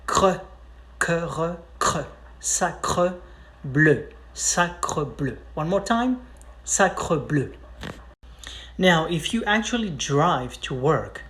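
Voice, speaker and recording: Slow-talking French-accented teacher. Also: male voice, fairly high pitch, a bit bright. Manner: repeats words slowly for learners. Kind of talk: casual pronunciation lesson.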